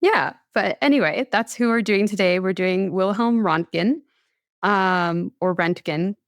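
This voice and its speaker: Young American woman, casual podcast storyteller, smooth voice, dry close sound. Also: mid-range voice, unhurried, dry recording. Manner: chatty, laughs often, lots of "like". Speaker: podcast host telling a science history story.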